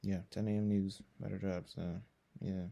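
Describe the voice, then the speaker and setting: A man's voice: little pitch movement, normal speed, creaky. Tired young man muttering and cursing at trades. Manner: swings from low muttering to loud exclamations, swears often; slangy, filler-heavy talk. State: tired from little sleep. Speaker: day trader streaming his session. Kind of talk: casual live trading commentary.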